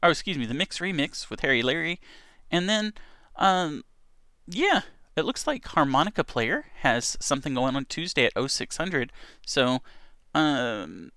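A man's voice: fairly high pitch, very animated, unhurried, pushed and bright, dry recording, clean studio sound. A man hosting an online radio show, chatting casually and reading news items aloud, often stumbling and correcting himself.

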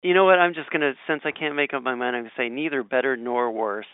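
A man reading quiz questions aloud and thinking out loud in casual chat, with frequent ums and restarts. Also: medium pitch, fast talker, smooth, no echo. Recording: tinny phone-like audio.

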